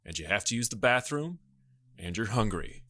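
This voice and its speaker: A man co-hosting a podcast, telling a mock-dramatic story in a suspenseful deadpan. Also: fairly low pitch, moderate pace, no echo, studio quality. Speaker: podcast co-host.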